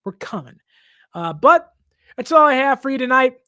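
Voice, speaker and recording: A sports podcast host giving a casual game preview, excitable and often restarting words mid-sentence. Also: sits high, moderate pace, no room sound, studio quality. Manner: excitable, with frequent stammered restarts.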